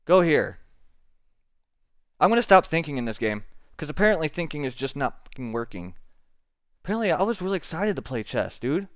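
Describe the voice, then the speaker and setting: A man's voice: on the high side, big pitch swings, fairly quick, long pauses, dry recording, highs cut off. Frustrated muttering male chess streamer. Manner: frustrated muttering and swearing at the game. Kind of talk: live gaming commentary.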